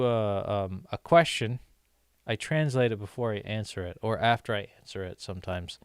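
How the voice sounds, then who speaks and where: A man's voice: lowish voice, smooth, no echo, studio quality. A man hosting a casual vlog, thinking aloud as he answers a viewer's comment and explains his approach, with frequent hesitations. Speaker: channel host learning Portuguese.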